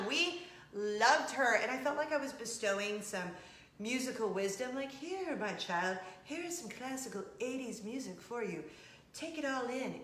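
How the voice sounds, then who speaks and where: Animated, chatty woman in an echoey room. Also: on the high side, slight background noise. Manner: chatty and animated, with laughs and playful asides. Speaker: vlog host. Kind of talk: casual chat.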